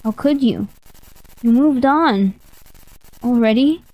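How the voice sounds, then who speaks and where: A woman's voice: a little high, slow pace, muffled recording, slight background noise. A woman voicing the cold, reproachful voice of a dead husband accusing his widow. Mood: bitter accusation.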